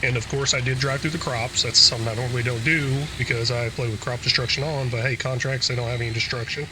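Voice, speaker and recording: A young man casually commenting on his own gameplay, relaxed and chatty, thinking aloud as he plays. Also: mid-range voice, quick pace, background noise. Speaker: gaming YouTuber.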